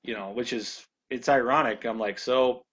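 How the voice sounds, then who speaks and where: A man presenting a ministry video in a casual monologue, halting often with restarts and repeated words. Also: mid-range voice, a bit bright, breathy edge.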